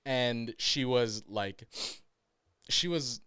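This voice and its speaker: On a podcast he co-hosts, a man tells a story in a loose, lively way, laughing a lot and cursing without restraint. His pitch is medium and his pace normal, captured in a dry, clean studio recording.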